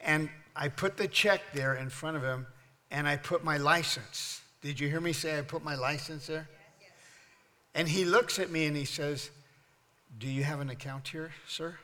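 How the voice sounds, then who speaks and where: Older guy pastor preaching, bright forceful voice, kinda high, big reverby church hall. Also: moderate pace. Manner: humorous storytelling, building to loud preaching. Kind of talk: sermon.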